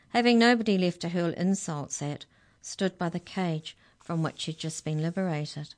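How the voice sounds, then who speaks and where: A woman storyteller reading a children's story aloud in a measured, expressive way. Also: on the low side.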